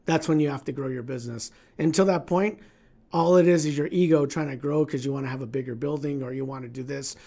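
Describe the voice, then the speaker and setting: A man's voice: medium pitch, fast, mellow. A middle-aged man hosting a livestream Q&A, talking bluntly with swearing and acting out his own inner dialogue as he tells stories and gives business advice. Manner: blunt, profane, storytelling with acted inner dialogue. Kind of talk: casual livestream Q&A talk.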